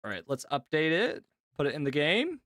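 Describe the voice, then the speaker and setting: A man streaming casually to his chat, talking in an animated, chatty way with lots of fillers and laughs. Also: on the high side, normal speed, dry recording, clean studio sound. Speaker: streamer and voice actor.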